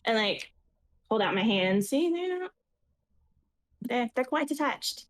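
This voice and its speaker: A woman's voice: fairly high pitch, very animated, slow pace. A woman voicing a courteous, slightly flustered artisan traveler in a tabletop game. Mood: puzzled. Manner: courteous and hesitant.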